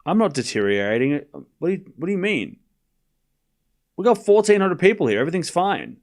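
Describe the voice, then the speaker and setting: An Australian man streaming live tennis play-by-play, trading quick, jokey back-and-forth with his chat. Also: a little high, very animated. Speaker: streamer calling a tennis match.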